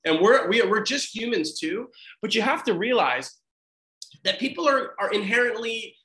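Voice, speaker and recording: A man's voice: sits high, animated, normal speed, pushed and bright, roomy sound, low-quality recording. A young man, a medical resident, giving students a chatty, joking, encouraging talk over a video call, often restarting his sentences. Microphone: video call mic.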